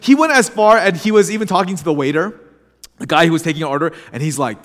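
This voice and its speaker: A young adult man preaching as a pastor, telling a story in a chatty, animated way. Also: on the high side, quick pace. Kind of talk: sermon with casual storytelling. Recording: long hall reverb.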